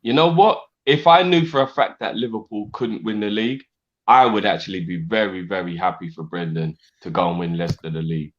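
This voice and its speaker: A laid-back man with a low voice, trading casual slang with his co-hosts. The recording is a little dull, with the top end missing. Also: fairly quick. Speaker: fan show co-host. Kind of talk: casual football banter. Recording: dull sound.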